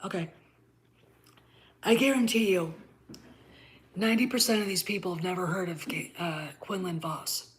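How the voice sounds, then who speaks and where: A woman's voice: on the low side, normal speed, long pauses. A middle-aged woman hosting her own channel, ranting bluntly with frequent swearing and repeated "okay?" checks. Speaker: channel host. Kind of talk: ranting commentary to camera.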